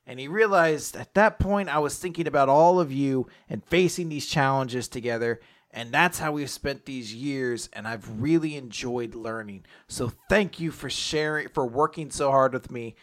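A man's voice: medium pitch, moderate pace. A young man hosting a podcast, casually and chattily recapping a comic chapter. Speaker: podcast host.

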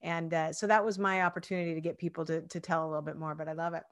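A woman's voice: low voice, level tone, rapid-fire. A woman hosting an interview show, talking in an upbeat, playful, casual way. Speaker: podcast host.

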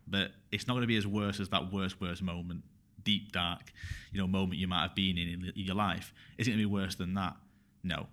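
A man with a low, deep voice talks openly in a casual podcast conversation. He is frank and emotional and tends to repeat phrases as he thinks aloud. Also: a bit bright.

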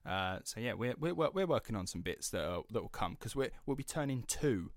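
An excitable man co-hosts a podcast in loose, casual chat, often restarting his sentences. His voice sits in the middle of the range. It is recorded close and dry, with no room sound. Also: medium pitch, normal speed, no room sound. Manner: excitable, swears, trails off and restarts. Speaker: podcast co-host.

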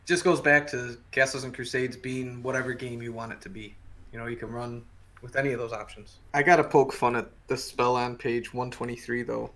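Male podcast co-host, mid pitch, relaxed and explanatory. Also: fairly quick. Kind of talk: casual chat reviewing a game book.

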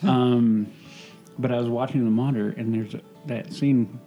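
A man's voice: mid-range voice, steady tone, normal speed, lo-fi sound, soft background music. A man, a guest on a podcast, sharing emotional memories from a film set, with lots of fillers and a habit of saying "I'm like". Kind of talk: casual conversation.

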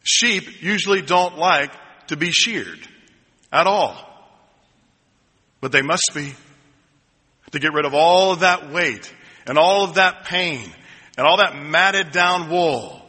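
A man preaching a sermon as pastor, telling a story slowly and building to ringing, repeated lines. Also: on the high side, expressive, bright, forceful tone, breathy edge. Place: church sanctuary. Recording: long hall reverb.

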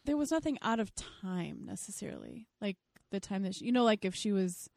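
A woman co-hosting a podcast, chatting casually about a movie in a lively, laughing way. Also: medium pitch, fairly quick, vocal fry, no echo, studio quality. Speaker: podcast co-host. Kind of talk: casual movie review chat.

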